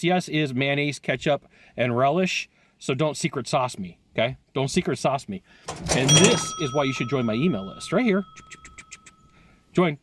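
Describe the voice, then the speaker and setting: A man talking casually to camera as a sales coach, animated and quick, laughing often and breaking into asides. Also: on the high side, no echo. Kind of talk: casual video talk to camera. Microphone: headphones on, recorded live.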